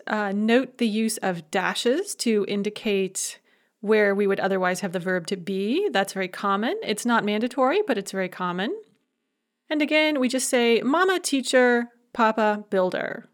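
A woman giving a recorded language lecture, explaining grammar clearly and reading example sentences aloud. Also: mid-range voice.

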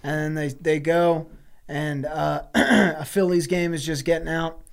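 A man guesting on a podcast, telling an improvised comic story in a crude, deadpan rambling way. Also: on the high side, a little slow, vocal fry.

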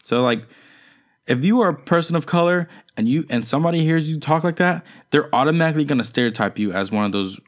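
A young man in casual chat, telling stories in an animated way with lots of slang and swearing. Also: fairly high pitch, quick pace. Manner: animated storytelling with slangy, profane delivery.

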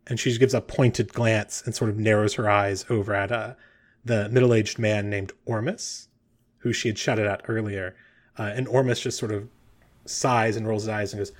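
A man narrating a tabletop game as game master, relaxed and a little hesitant. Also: fairly low pitch, moderate pace.

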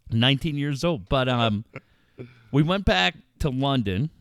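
Man, middle-aged, lively swooping pitch, dry close sound, swearing storyteller. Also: slow, clear, resonant tone, dry recording. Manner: profane, animated storyteller who acts out voices. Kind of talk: casual storytelling.

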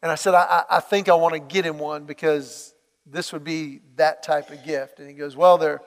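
A man preaching a sermon, telling a story with lively acted-out dialogue. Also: on the high side, normal speed, big-room sound. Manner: animated storytelling, acts out quoted dialogue.

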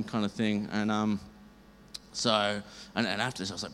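A man tells a church testimony in a deep, low voice, rambling as he acts out both sides of the conversation. His voice rings in a reverberant hall with a faint noise floor. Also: a little fast. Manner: rambling, animated, acts out dialogue. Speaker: church member sharing a testimony. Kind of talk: storytelling testimony.

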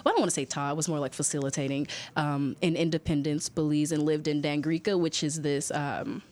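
A woman's voice: deep voice, fairly quick. A young woman, a guest in an interview, talking casually with lots of fillers and acted-out quotes. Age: young adult. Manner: animated storyteller, many fillers, acts out quoted voices.

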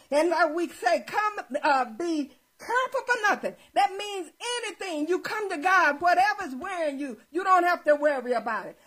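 A woman's voice: very high-pitched, a bit bright. A woman pastor preaching a fervent sermon, repeating key words and calling out questions to the congregation. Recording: radio broadcast.

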